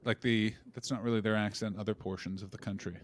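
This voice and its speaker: A man co-hosting a comedy podcast, telling rambling, animated stories full of swearing and quoted voices. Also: on the low side, fast talker, no echo. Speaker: podcast co-host. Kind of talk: casual comedic chat.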